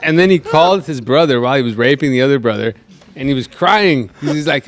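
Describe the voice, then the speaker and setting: A man telling a comedic story on a podcast, animated and swinging his voice around when he quotes people. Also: fairly high pitch, fairly quick.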